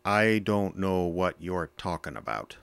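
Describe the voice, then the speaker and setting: A gruff, sarcastic suspect. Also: male voice, low voice, very animated, unhurried, fairly bright tone, no echo, exaggerated voice. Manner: blunt, sarcastic, hostile retorts. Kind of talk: audio drama acting.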